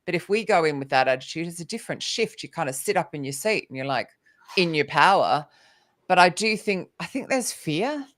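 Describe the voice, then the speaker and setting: A woman's voice: deep voice, expressive, a little fast, fairly bright tone. A woman author speaking as a podcast guest, chatting animatedly and laughing often as she acts out what people said. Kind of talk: casual podcast conversation. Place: lives in the UK.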